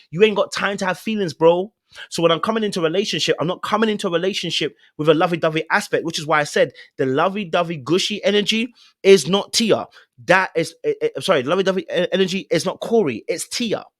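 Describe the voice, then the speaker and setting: A man's voice: fairly high pitch, a bit bright, no room sound, studio quality. A man hosting a relationship commentary, speaking earnestly and directly to his viewers. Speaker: host. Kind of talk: relationship commentary on a video clip.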